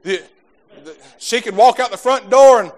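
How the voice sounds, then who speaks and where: A man with a very high-pitched voice preaches a folksy, fervent sermon to his congregation at a moderate pace. He stumbles over repeated words, and his delivery swells from soft talk to shouting.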